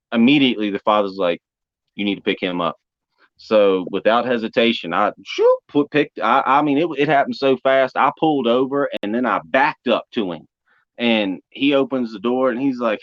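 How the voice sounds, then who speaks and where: A man's voice: mid-range voice, no echo. A man telling a story in casual, folksy talk, often calling the listener man or brother. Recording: dull muffled sound.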